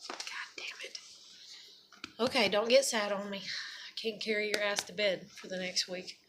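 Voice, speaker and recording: A woman's voice: mid-range voice, fairly even intonation, a little fast, noisy background. A woman talking to her viewers in a rambling, profane, emotional confessional vlog. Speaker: mother vlogging to her viewers.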